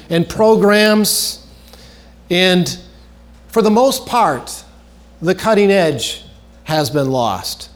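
A male preacher with a high voice delivers an earnest sermon. He repeats his key phrases and lets his voice sink low at the ends of phrases.

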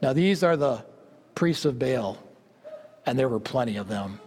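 A male preacher delivering a fervent sermon, swinging between loud exclamations and low asides. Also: expressive, unhurried, a little hiss or hum. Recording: long hall reverb.

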